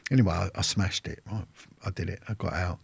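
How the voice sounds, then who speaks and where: Man, London accent, husky, dry close sound, casual rambling anecdote. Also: low voice, fairly even intonation, fast talker, no room sound. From London, England. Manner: rambling, with restarts and acted-out quotes. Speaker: interview guest. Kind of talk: casual storytelling.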